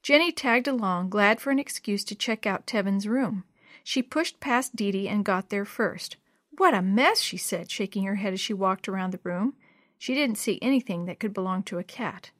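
A woman narrating a children's story in a lively storybook manner, her voice close and dry with no room sound. She moves easily between plain narration and animated dialogue. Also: mid-range voice, moderate pace, no room sound. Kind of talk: storybook reading with character voices.

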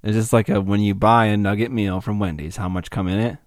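A man's voice: lowish voice, fairly even intonation, fairly quick, no echo, studio quality. A man co-hosting a podcast, chatting casually with incredulous, sarcastic reactions and lots of laughter. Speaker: podcast co-host.

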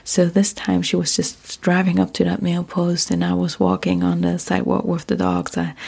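A woman in her thirties from Germany with a German accent, chatting casually about her day in a soft whispered ASMR style. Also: lowish voice, moderate pace, creaky, breathy edge. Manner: soft unvoiced whisper, relaxed and rambling. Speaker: vlogger.

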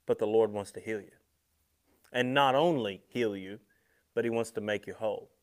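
Conversational preacher, slow emphatic swells. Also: male voice, on the low side. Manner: slows and swells on key words, drops soft on asides; conversational, speaks directly to listeners. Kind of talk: sermon.

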